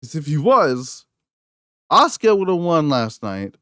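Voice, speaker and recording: Brief: man, solo podcast host, heated profane rant, slightly high voice, dry close sound. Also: sing-song, unhurried, sharp tone, no echo. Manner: angry, profane, repeats words and restarts.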